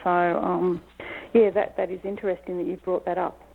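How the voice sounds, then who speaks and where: A woman's voice: fairly low pitch, flat delivery, a little fast, creaky, husky. A woman from Australia with an Australian accent, calling in to a radio show and talking in a friendly, hesitant way with many ums. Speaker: caller. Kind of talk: phone-in conversation. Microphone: telephone. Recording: tinny phone line.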